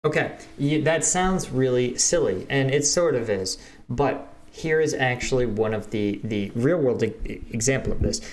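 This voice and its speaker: A man's voice: medium pitch, moderate pace, darkish tone. Conversational man explaining military logistics. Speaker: host, reacting veteran. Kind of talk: casual explanatory commentary.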